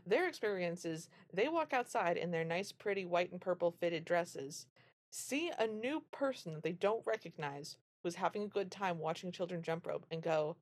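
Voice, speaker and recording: Animated woman podcaster retelling a film. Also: fairly low pitch, normal speed. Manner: animated retelling, acts out quoted lines. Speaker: podcast co-host. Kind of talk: casual chat, recapping a film.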